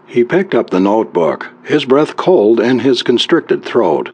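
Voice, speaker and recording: A man reading a story aloud as an audiobook narrator, in a measured storytelling manner. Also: medium pitch, big pitch swings, a little mellow, highs cut off.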